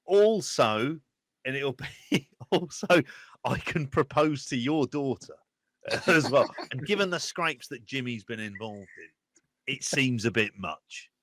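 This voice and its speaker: A man from London with a Cockney accent, co-hosting a podcast in jokey, animated banter. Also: medium pitch, measured pace, no echo. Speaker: podcast co-host. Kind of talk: casual chat.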